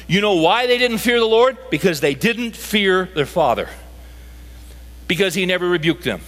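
A middle-aged man preaches a sermon emphatically, firing rhetorical questions at his listeners. His voice is high-pitched and a bit bright, and a long hall reverb surrounds it.

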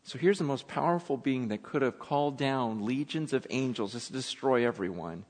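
A man preaching a sermon, animated and dramatic, acting out scripture scenes as he retells them. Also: mid-range voice, normal speed, big-room sound. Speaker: pastor.

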